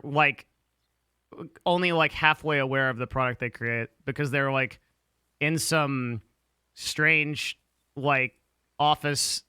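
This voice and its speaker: A man's voice: on the high side, pushed and bright, smooth, dry recording, studio quality. A man chatting casually on a live stream, blunt and profane, rambling with lots of "like" and restarts. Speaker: livestreamer answering chat.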